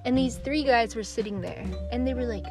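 A woman's voice: fairly high pitch, music in the background. A young woman hosting a podcast, ranting through stories in a sarcastic, profane way. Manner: sarcastic, profane, fast-switching between mock voices. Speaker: podcast host. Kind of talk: ranting storytime monologue.

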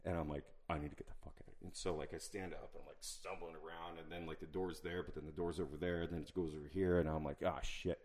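Deep-voiced man telling a wild story. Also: quick pace, hardly any pauses. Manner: profane, animated storytelling with quoted asides. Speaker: storyteller in a casual conversation. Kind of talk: casual chat.

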